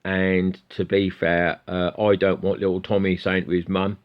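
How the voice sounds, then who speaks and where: A man's voice: low voice, flat delivery, moderate pace, clean tone, lo-fi sound. A middle-aged man chatting casually to camera as a guitar YouTuber, rambling and swearing freely.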